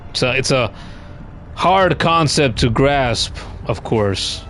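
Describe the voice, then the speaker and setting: A man's voice: medium pitch, lively intonation, slow, fairly bright tone, faint music behind. A man live-streaming a video game, chatting casually with viewers in a playful, wry way and repeating words as he starts his thoughts. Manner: playful, wry, talks to chat.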